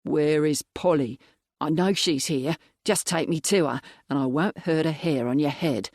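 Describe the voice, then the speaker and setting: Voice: medium pitch, moderate pace, a little mellow, dry recording, studio quality, close to an everyday voice. A narrator doing a blunt, menacing thug. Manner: threatening, blunt. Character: menacing male thug with a knife.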